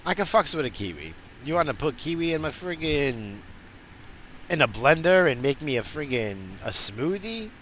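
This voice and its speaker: Sitting in a parked car, a vlogger rants casually and profanely, his animated, stoned chat rambling from one thought to the next. His voice runs on the high side at a moderate pace, with a little hiss or hum in the recording.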